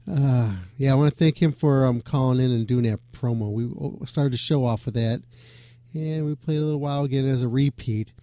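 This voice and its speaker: Mellow-voiced joking radio host. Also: male voice, mid-range voice, dry recording. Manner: loose, swearing, joking asides. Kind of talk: casual rambling radio talk.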